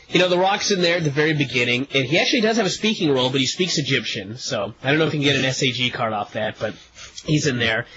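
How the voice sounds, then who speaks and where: A man's voice: a little high, sharp tone. A man co-hosting a talk radio show with a stuffed-up nose, speaking in a dry, sarcastic way. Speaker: radio co-host. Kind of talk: casual talk radio chat. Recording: dull lo-fi archive radio with faint hiss.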